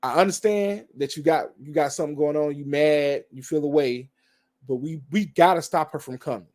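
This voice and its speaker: A man's voice: fairly high pitch, normal speed, a little mellow, natural voice. A man voicing a cocky scheming male villain knight in a raised, slangy, pushy tone as he retells a movie scene.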